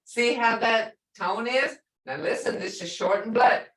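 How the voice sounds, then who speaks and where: A woman's voice: fairly high pitch, a bit bright, reverberant, recorded from a distance. A woman teaching an online language class, patiently repeating and drawing out each word to show its tone. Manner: slow, patient, models words by drawing out tones. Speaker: language instructor.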